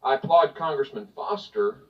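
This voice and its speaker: A man's voice: a little high, animated, moderate pace. Pointed congressman heard from afar. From Tennessee. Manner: pointed, partisan, reading from notes. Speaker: congressman questioning a witness. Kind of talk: prepared remarks at a hearing. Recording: distant, dull hearing-room audio.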